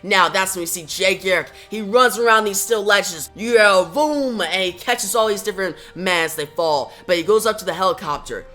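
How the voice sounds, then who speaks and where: A man narrates a comic story with lots of excitement, dropping in his own sound effects along the way. His voice is bright and pushes forward, and faint music plays behind him. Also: high-pitched, a little fast, hardly any pauses. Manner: enthusiastic, adds sound effects. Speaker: comic book reviewer. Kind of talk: casual comic recap.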